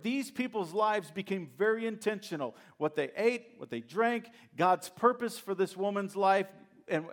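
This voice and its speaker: A male pastor preaching a sermon, retelling a story with animated, humorous asides to the congregation. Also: high-pitched. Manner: addresses congregation directly.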